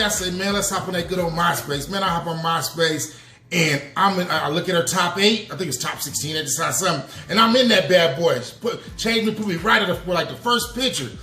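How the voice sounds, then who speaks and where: A man's voice: on the high side, sharp tone. A man hosting a podcast, telling a personal confession in a loose, slangy storytelling manner and calling the listeners "y'all". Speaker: podcast host. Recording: echoey room with faint music.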